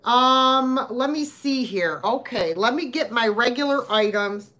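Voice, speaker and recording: A woman's voice: fairly high pitch, a little slow, bright, forceful tone. A woman hosting a live sale, talking in a chatty, rambling way with lots of fillers. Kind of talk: live-stream sales chat.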